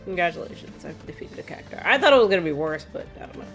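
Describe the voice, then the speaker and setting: A woman's voice: on the low side, expressive, very fast, fairly bright tone, faint music behind. A woman streaming a game, chatting casually and sarcastically as she plays, laughing often and sounding tired. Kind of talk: casual live-stream chat while playing.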